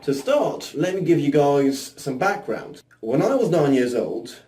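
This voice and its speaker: A man's voice: a little high, lively intonation, unhurried, warm tone, recorded from a distance. A young man from Poland, a vlogger telling his story in a cheeky, self-mocking scripted monologue full of crude jokes. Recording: roomy, mic set back.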